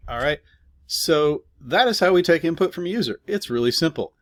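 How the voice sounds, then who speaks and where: Relaxed man explaining code, dry sound. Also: fairly high pitch, normal speed, no room sound. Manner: relaxed explaining with fillers and asides. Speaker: programming teacher. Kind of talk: casual screen-recorded coding lesson.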